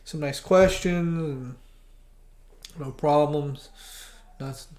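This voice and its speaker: An animator hosting a casual livestream, talking in a halting way with frequent stammers and restarts. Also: mid-range voice, darkish tone. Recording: roomy echo.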